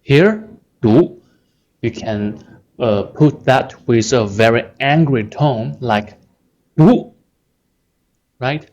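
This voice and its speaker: A man's voice: medium pitch, slow, a little mellow, highs cut off. A man teaching a language lesson, explaining patiently and checking in often with "right?".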